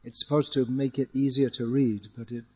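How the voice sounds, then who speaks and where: A man teaching a class to chant Sanskrit verse, correcting pronunciation patiently and chanting lines slowly as an example. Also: medium pitch, little pitch movement, darkish tone, breathy edge, in a large hall, faint music behind.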